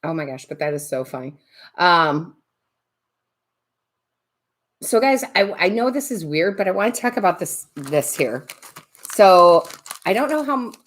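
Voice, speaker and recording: A woman's voice: fairly low pitch, sing-song, a little slow, pauses often. A woman hosting a live tarot stream, chatting casually, laughing often and greeting viewers by name.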